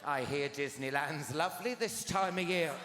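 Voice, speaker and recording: A man's voice: a little high, normal speed, heavy background noise. A man in his forties performing a stand-up comedy routine, telling stories animatedly and confidingly, with frequent tag questions to the audience. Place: large theatre stage. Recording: live theatre, roomy with loud audience. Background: loud audience laughter.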